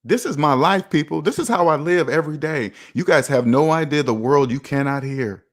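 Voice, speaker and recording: A brisk male voice on the high side belongs to a personal finance vlogger delivering a casual motivational monologue. He repeats himself for emphasis, comes across as preachy, and talks directly to his viewers.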